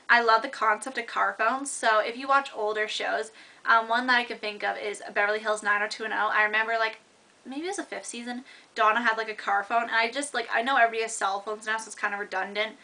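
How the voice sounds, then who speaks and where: Chatty young woman, bright voice. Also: fairly high pitch, fairly even intonation, quick pace. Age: young adult. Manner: chatty, rambling, with many fillers and restarts. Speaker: vlogger. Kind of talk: casual chat to camera.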